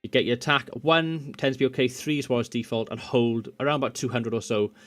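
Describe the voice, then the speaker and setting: A man's voice: medium pitch, fairly even intonation, quick pace, a bit bright. A man casually walking through audio settings in a screen-recorded tutorial at his home computer desk, rambling and correcting himself as he goes, into a USB condenser microphone. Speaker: tech tutorial host.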